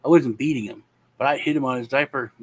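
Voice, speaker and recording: A man chatting casually, telling lively stories about his kids and acting out their voices. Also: mid-range voice, quick pace, breathy edge. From Texas. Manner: animated, acts out his kids' voices. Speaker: co-host. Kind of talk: casual storytelling chat.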